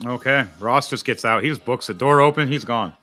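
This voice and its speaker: Man, game master, tabletop game narration, dramatic, sudden outbursts, bright tone. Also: mid-range voice, fairly quick, faint music behind.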